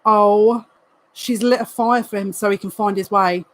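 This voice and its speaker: A woman, a psychic reader, giving a live card reading to viewers in an excitable, emotional way, full of quick asides. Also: medium pitch, slight background noise, low-quality recording.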